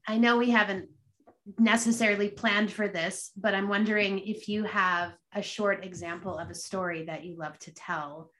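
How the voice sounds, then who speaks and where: A woman's voice: medium pitch, fairly even intonation, moderate pace, fairly bright tone. A woman hosting a podcast interview, responding with effusive admiration. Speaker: podcast host.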